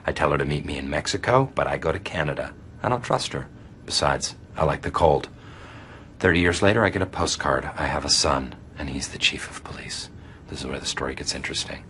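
A man telling a comic crime story in short, deadpan, clipped sentences. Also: very deep voice, a little fast, a little hiss or hum.

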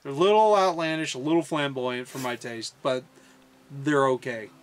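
A man's voice: mid-range voice, moderate pace. A man hosting a let's play, commentating on a video game with joking, self-mocking asides. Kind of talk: gameplay commentary. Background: faint game music.

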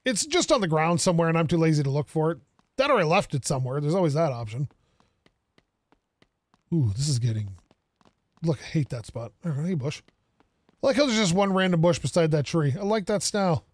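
A man's voice: fairly high pitch, expressive, brisk, long pauses, dry recording, clean studio sound. A man streaming a game, casually thinking aloud and joking with the characters on screen. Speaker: gaming streamer. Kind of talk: casual gameplay commentary.

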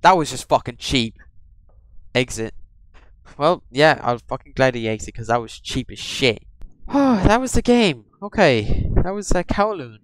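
A man's voice: medium pitch, expressive, unhurried, no room sound, studio quality. A man hosting a horror game let's-play, jumpy and swearing, chatting to the characters on screen. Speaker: gaming channel host.

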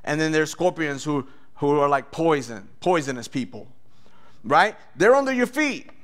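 A man preaching a sermon as a pastor and sharing his testimony, animated and acting out voices with loud bursts. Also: on the high side, moderate pace.

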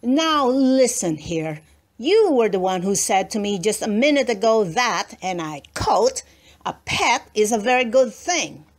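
Woman doing a spoiled storybook girl, high and bratty, snippy, boastful. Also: sing-song, takes it slowly, exaggerated voice.

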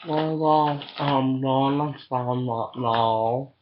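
A man's voice: mid-range voice, steady tone, drawn-out words. A man in casual webcam chat, rambling and profane, recorded on a webcam mic. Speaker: vlogger. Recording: dull lo-fi webcam audio, faint hiss.

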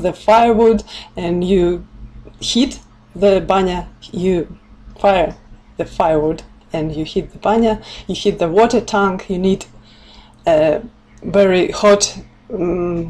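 A Russian woman from Siberia talks through a casual live-streamed lesson at an unhurried, deliberate pace. Her English is chatty and loose, with frequent laughs and Russian words slipped in. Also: fairly low pitch, a little mellow. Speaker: language teacher. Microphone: laptop or webcam mic.

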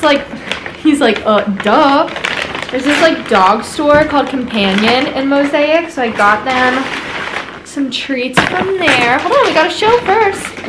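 A young woman chatting casually to camera in her apartment, with lots of "like" fillers, now and then talking to her dogs. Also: a little high. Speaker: vlogger. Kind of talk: casual vlog chat to camera. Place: apartment at home. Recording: echoey room, noisy background.

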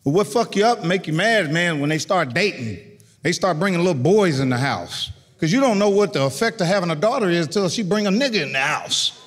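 An older man performing a stand-up set with animated storytelling, acting out voices and loud outbursts, in a large theater. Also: sits high, brisk. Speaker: stand-up comedian. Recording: long hall reverb, faint noise.

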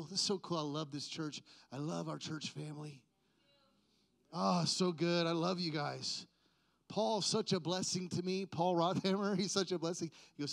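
A pastor preaching a casual, joking sermon, dropping to quiet asides and then building to loud, emphatic peaks. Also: male voice, high voice. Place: church sanctuary.

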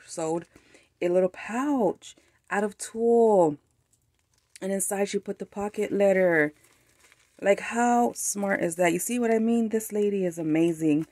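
A woman with a Mexican-American accent excitedly chatting as a craft channel host, gushing over a mail package. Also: on the low side, a little slow, dry recording. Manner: gushing, excited, frequent laughs. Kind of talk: casual unboxing chat.

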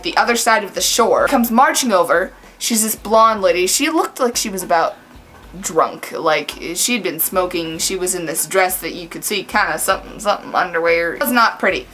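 A woman's voice: medium pitch, lively intonation, normal speed, fairly bright tone. A woman telling a story to her camera in a casual vlog, chatty and full of fillers. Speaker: vlogger.

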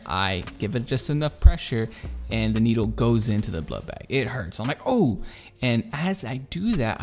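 A young man vlogger telling a story in a casual way. He swears freely and acts out the voices of the people in it. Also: mid-range voice. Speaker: YouTuber.

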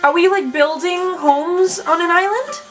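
A woman's voice: very high voice, unhurried, a bit bright, faint music behind. A woman reacting live to a video game showcase, gasping, squealing and talking over the trailers. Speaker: gaming YouTuber reacting to a showcase. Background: game trailer audio playing.

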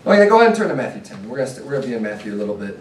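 A man's voice: medium pitch, big pitch swings, racing, slight background noise. Earnest preaching man in an echoey church. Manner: earnest, plain-spoken preaching with scripture readings. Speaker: pastor. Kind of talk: sermon. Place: church sanctuary. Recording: echoey room, mic at a distance.

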